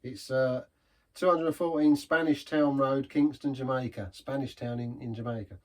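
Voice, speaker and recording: A man's voice: mid-range voice, steady tone, normal speed, darkish tone. A man giving a casual, rambling beer review in a pub, chatty and self-deprecating.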